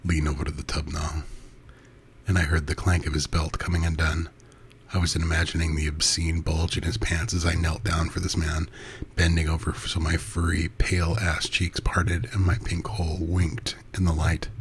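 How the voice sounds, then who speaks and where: A man reads an intimate first-person erotic story in a soft, breathy delivery that often sinks to a half-whisper. His voice is very deep and stays flat and even throughout. A faint noise sits in the background. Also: moderate pace. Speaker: narrator.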